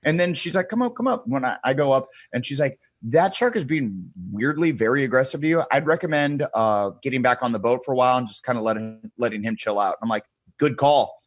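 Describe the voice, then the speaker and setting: A man's voice: mid-range voice, a little fast, few pauses, no room sound. A man in casual podcast chat, telling a story with lots of swearing and laughter, acting out what others said. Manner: animated storyteller, acts out quotes, swears freely, laughs often. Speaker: podcast guest.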